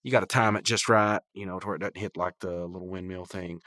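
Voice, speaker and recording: Brief: easygoing male podcaster, low-pitched, dry close sound, chuckles as he rambles. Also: steady tone, fast talker, bright, forceful tone, no echo. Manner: rambling, laid-back, chuckles often. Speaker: podcast host recapping a cartoon episode. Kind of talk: casual chat.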